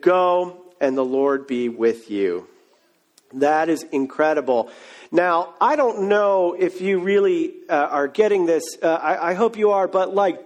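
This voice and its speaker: A man's voice: high voice, darkish tone. A man preaching a sermon, retelling a story in a casual, joking way. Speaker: pastor.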